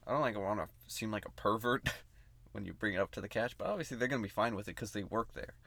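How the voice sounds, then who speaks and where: A man's voice: lowish voice, quick pace, gravelly, a bit bright, no room sound. A young man co-hosting a podcast, rambling in a giggly way and trailing off mid-thought. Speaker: podcast co-host. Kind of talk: casual joking chat.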